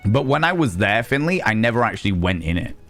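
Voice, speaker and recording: A man, a streamer and sex educator, chatting casually and telling animated, wry stories while swearing freely. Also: on the low side, quick pace, soft background music. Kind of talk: casual live-stream chat.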